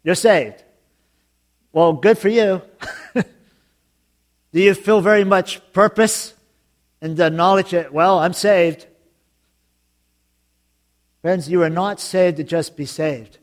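A man preaching a sermon as pastor, telling jokes and stories in an animated way. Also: sits high, takes it slowly, long pauses. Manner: joking, animated storytelling with laughs.

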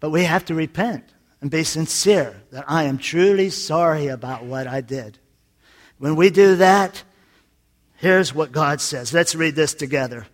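A man preaching a sermon in a folksy way, telling jokes and moving from soft, confiding lines to loud, emphatic ones. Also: on the high side, unhurried. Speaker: pastor.

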